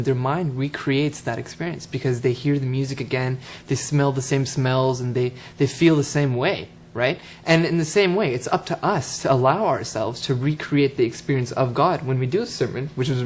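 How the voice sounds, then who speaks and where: A man's voice: medium pitch, normal speed, darkish tone, a little hiss or hum. Thoughtful man explaining with examples. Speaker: co-speaker on spirituality. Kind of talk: casual spiritual talk.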